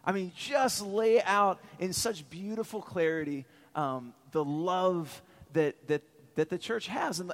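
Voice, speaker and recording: High-voiced man preaching with earnest animation. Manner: earnest and animated, calls out to the congregation. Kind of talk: sermon with a personal story. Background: faint music.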